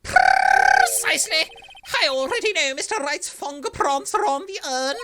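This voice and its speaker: A man's voice: extremely high pitch, lively intonation, moderate pace, heavy background noise, voice pushed up. A man voicing an unhinged young male masked thief, theatrical and manic, reading game dialogue on a stream. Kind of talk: voice acting a game script on stream.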